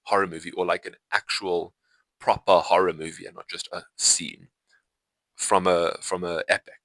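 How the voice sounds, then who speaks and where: A young man talks to camera about a film, his voice low-pitched but bright and forward. He rambles in loose, unscripted sentences, restarting and correcting himself often. The sound is close and dry. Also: flat delivery, normal speed, gravelly, dry recording, poor audio. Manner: rambling, full of fillers and self-corrections. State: itchy eyes. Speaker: vlogger reviewing a film. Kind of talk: casual unscripted talk to camera.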